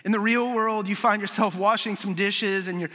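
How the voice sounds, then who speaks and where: A man preaching a sermon as a pastor, storytelling with animated swings and soft, low moments for emphasis. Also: normal speed. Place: large hall with audience. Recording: long reverb of a large hall.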